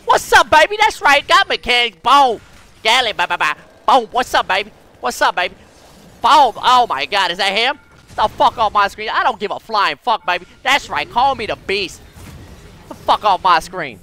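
A man streaming a video game live, trash-talking opponents with loud, profane taunts and catchphrases. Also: high voice, animated, moderate pace. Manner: hyped, profane trash talk. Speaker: gaming streamer. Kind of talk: live gameplay commentary. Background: music.

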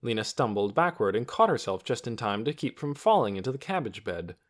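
A man's voice: medium pitch, very animated, brisk. A man narrating a children's novel as an audiobook, telling the story expressively.

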